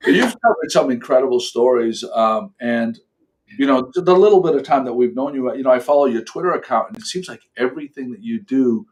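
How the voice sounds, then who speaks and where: A man hosts a casual podcast, asking long, halting questions and circling back to restart his sentences. His voice has a middle pitch for a man. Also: a little mellow, poor audio. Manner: rambling, halting, many restarts. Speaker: podcast host.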